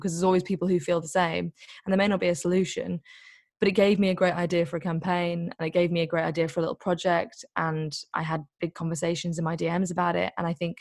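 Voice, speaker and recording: A woman telling a story in a casual, chatty way, full of "like" and quick asides. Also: lowish voice, gravelly, dry recording, clean studio sound. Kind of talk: casual chat.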